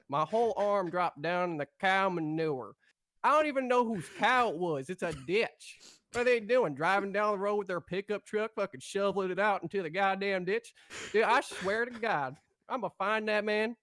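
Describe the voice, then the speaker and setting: A man's voice: high voice, expressive, moderate pace, a bit bright, dry recording, pitched above the performer's own voice. Man putting on a rowdy Southern country feller. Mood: ranting. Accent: put-on Southern US. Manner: drawling, cussing, ranting.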